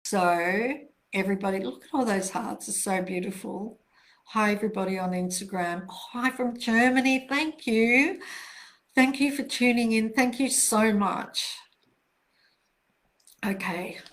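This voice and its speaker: Hosting a live question-and-answer stream, an older self-help author speaks in a mid-range voice. Her manner is soothing and gentle, with soft pauses and phrases she repeats.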